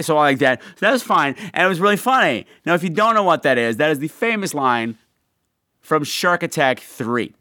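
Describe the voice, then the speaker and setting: A man hosts a podcast in casual, chatty storytelling with campy asides. His pitch jumps up and down a lot. The recording is dry and close. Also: animated, brisk, pushed and bright, no room sound. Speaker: podcast host. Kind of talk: casual chat.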